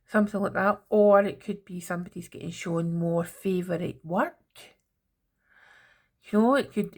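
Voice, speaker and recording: Chatty woman with a gravelly voice. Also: medium pitch. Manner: chatty, teasing, talks straight to viewers. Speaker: tarot reader. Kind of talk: casual tarot reading to camera.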